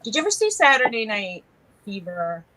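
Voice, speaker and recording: A woman's voice: mid-range voice, big pitch swings, moderate pace, sharp tone, low-quality recording. A woman from New York with a New York accent, co-hosting a casual live-stream chat and telling stories between laughs. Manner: chatty, laughs often, tells stories. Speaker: co-host.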